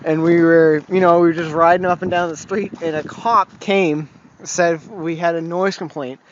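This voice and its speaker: A young man with a high-pitched voice rambles through a casual vlog, swearing often and laughing at his own complaints. He drifts from story to story without much structure. The audio is dull and lo-fi, with faint background noise. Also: steady tone, moderate pace. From Massachusetts. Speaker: vlogger.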